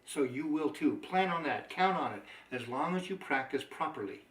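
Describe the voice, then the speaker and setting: A man's voice: on the high side, expressive, normal speed, a bit bright, a little hiss or hum. A man giving an upbeat, emphatic motivational training talk on network marketing. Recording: echoey room, mic at a distance.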